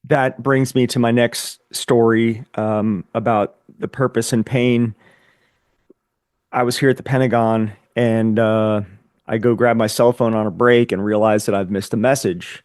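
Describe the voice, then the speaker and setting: A man's voice: medium pitch, steady tone, measured pace, darkish tone, no room sound, studio quality. A man telling his personal story as a podcast guest, earnest and reflective, often repeating words as he gathers his thoughts. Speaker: podcast guest, Air Force veteran.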